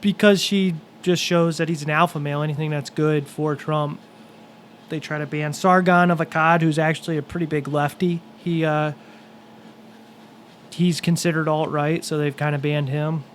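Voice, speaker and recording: Guy on a podcast listing stuff steadily, bit higher voice, faint hum. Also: fairly even intonation, moderate pace. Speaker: podcast co-host. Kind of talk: casual chat.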